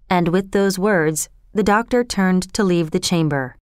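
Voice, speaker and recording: A woman narrates a classic tale in a measured, carefully paced storybook reading. Her voice sits slightly low and sounds dry and close to the mic. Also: darkish tone, smooth, dry recording.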